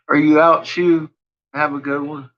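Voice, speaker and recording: A man's voice: on the high side, little pitch movement, unhurried, muffled recording. A man hosting a casual livestream chat, rambling, swearing freely and laughing often. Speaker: channel host.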